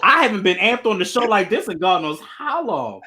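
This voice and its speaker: Animated, ranting podcast host. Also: mid-range voice, moderate pace, a little hiss or hum. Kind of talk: casual podcast chat.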